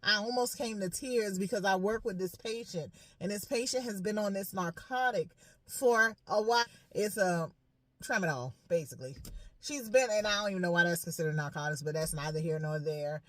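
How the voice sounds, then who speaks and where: A woman's voice: medium pitch, brisk, dry recording. Chatty woman nurse ranting. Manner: chatty, animated, says "y'all" and "honey". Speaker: nurse and vlogger. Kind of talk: casual rant to camera.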